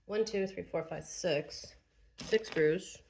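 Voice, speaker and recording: A woman's voice: on the low side, takes it slowly, creaky, darkish tone. A woman vlogger narrating casually to herself as she assembles furniture, chatty and self-deprecating.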